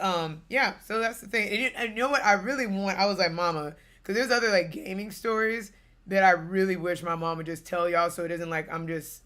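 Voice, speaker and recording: A young woman streaming games, telling a family story in a casual, animated way with bursts of laughter. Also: lowish voice. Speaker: gaming streamer.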